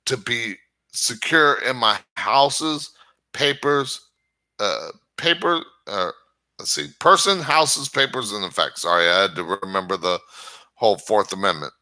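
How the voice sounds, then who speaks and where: A man's voice: medium pitch, pushed and bright. A man hosting his own channel, giving a rambling casual monologue and often stammering over restarts. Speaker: channel host.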